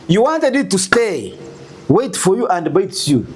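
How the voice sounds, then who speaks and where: A Ugandan man telling a story in an interview, animated and full of rhetorical questions. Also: sits high, measured pace, a little hiss or hum. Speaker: guest.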